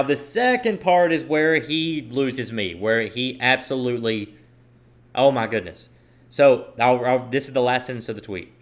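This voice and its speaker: A man hosts a solo podcast, speaking at an ordinary middle pitch. He delivers opinionated commentary and hammers his points home by repeating them. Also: a bit bright. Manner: emphatic, repeats points for stress. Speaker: podcast host.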